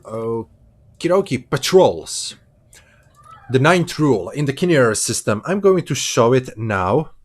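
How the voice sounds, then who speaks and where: Chatty man streaming a space game. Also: medium pitch. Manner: chatty, laughs easily, self-correcting. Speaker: gameplay streamer. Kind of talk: casual gameplay commentary. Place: hot room at home with a window.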